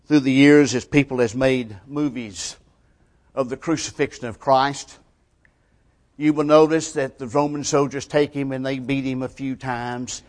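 With a medium-pitched voice, a man preaches in colloquial, everyday grammar. He alternates loud, emphatic stretches with quiet lines that are almost whispered.

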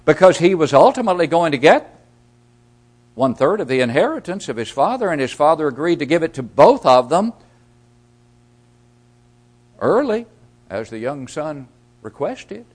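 A man preaching a sermon, asking rhetorical questions and swinging from loud emphasis to hushed asides. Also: fairly high pitch, big pitch swings, normal speed, pauses often.

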